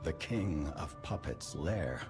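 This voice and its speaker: An actor playing an elderly, formal father figure in video game dialogue, speaking in a measured way. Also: very deep voice, animated, a little mellow, soft background music, full character voice. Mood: calm.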